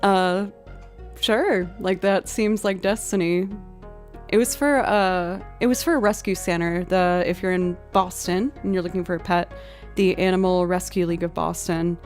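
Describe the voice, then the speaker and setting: A woman's voice: lowish voice, fairly even intonation, moderate pace, darkish tone, faint music behind. A woman in her thirties chatting on her live stream as a musician, telling stories with frequent giggles. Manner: chatty storytelling, giggles often. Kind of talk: casual live-stream chat. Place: home desk setup.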